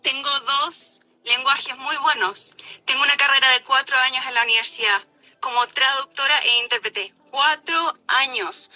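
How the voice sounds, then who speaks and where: A woman's voice: sits high, fairly quick, pushed and bright, no echo, faint music behind, low-quality recording. A woman from Chile, a medical interpreter, speaking proudly and insistently in defense of her work. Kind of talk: defensive self-justifying clip.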